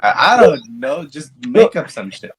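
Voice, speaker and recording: A man's voice: on the high side, big pitch swings, moderate pace, low-quality recording. A man co-hosting a casual podcast chat, joking crudely and playfully. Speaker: podcast co-host.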